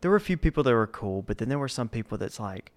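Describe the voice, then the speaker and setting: A man in his thirties, a guest in a casual chat, spins laid-back stories from his old jobs and acts out the people he quotes. His mid-range voice swings widely in pitch, and he speaks fast.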